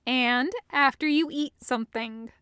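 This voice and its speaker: A woman's voice: high voice, measured pace, bright, forceful tone, clear, resonant tone, no room sound, studio quality. A woman voicing a firm, caring adult woman who nags a friend, in an audiobook reading. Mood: bossy. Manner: firm and nagging.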